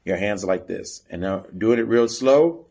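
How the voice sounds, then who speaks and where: A man's voice: on the low side, moderate pace, creaky, warm tone. Man coaching step drills on camera. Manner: counts and chants the beat while stepping. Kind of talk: instructional video teaching drills.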